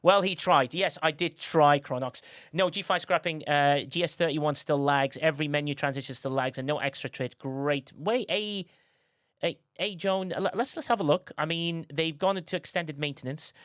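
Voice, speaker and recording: A man's voice: a little high, normal speed, a bit bright, no echo, clean studio sound. A man hosting a casual live stream, joking sarcastically and reading out viewer comments. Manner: joking, sarcastic, reads chat aloud. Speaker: streamer host.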